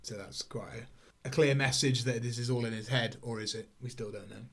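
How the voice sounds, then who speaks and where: A man's voice: mid-range voice, steady tone, brisk. A man co-hosting a podcast, chatting casually and rambling about a film with lots of fillers. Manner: rambling, many fillers, acts out quotes in silly voices. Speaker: podcast co-host. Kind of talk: casual film review chat.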